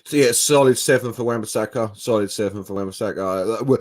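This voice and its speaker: Chatty football fan. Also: male voice, on the low side, fast talker. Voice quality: animated, chatty, says mate and bro a lot. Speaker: podcast co-host. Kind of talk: casual football chat.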